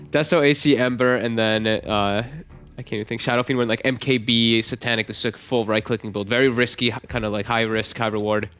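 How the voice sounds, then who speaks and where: A man analysing a match at an esports desk, talking in an animated way and often laughing. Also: medium pitch, fairly quick, smooth.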